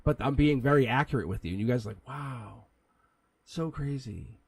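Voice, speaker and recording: A man with a mid-range, expressive voice talks rapid-fire while hosting a livestreamed tarot reading. He rambles casually, chuckles a lot and swears now and then. The low-quality recording has no echo.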